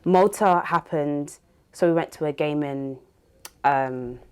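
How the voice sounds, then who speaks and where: A woman's voice: low-pitched, slow, darkish tone, clear, resonant tone. A woman hosting a podcast interview, telling stories animatedly and laughing often. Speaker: podcast host. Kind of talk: casual interview chat.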